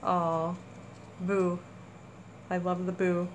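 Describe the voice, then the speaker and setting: A woman hosting a casual crafting haul video, gushing with excitement over small items. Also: fairly low pitch, slow, slight background noise, poor audio. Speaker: crafting channel host. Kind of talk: casual haul chat to camera.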